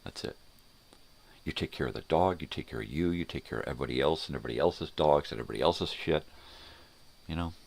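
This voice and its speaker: Very deep gravelly older man ranting. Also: fast talker, long pauses, slight background noise. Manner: profane, blunt ranting. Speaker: vlogger. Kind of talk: ranting morning vlog.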